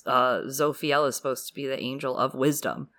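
A woman's voice: a bass voice, fairly even intonation, moderate pace, a bit bright. A woman co-hosting a casual book discussion, blunt and joking, with frequent swearing. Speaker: podcast co-host.

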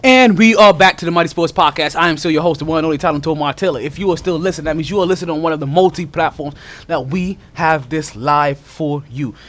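A man hosting a casual sports podcast, slightly out of breath, talking loosely and animatedly with lots of shout-outs. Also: on the high side, fast, few pauses. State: a little out of breath. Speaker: podcast host.

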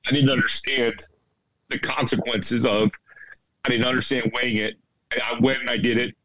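A man's voice: medium pitch, flat delivery, moderate pace, over a noisy crowd, poor audio. A man insisting on having his say as he admits past mistakes to old friends. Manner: urgent, insistent. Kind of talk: emotional confession.

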